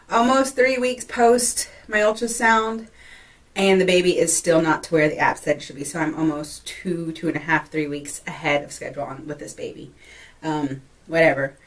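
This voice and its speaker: A young woman chats through a casual pregnancy update, her voice sitting fairly low and sounding a little distant from the mic. She laughs easily, leans on fillers, and runs short of breath now and then. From Texas. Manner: chatty, laughs often, many fillers. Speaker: vlogger. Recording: voice a bit far from the mic.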